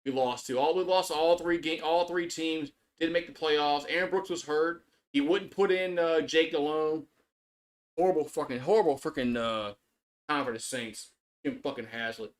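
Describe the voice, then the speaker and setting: A man with a somewhat high voice calls a game live in a loose, chatty play-by-play. He rambles and restarts his sentences, swears freely and works himself up as he talks. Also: normal speed. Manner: rambling, repetitive restarts, swearing, gets worked up. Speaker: sports streamer doing live play-by-play. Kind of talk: casual live play-by-play and reaction.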